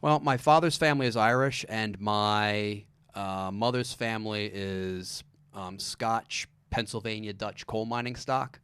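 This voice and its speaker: A man with a lower, bright and forceful voice, talking in a deliberate, halting way with dry humor. His voice is smooth and resonant, close to the mic in a dry, dead-sounding space. He comes across as a comedian chatting casually on a podcast. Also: dry recording. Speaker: podcast guest, stand-up comedian. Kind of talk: casual chat.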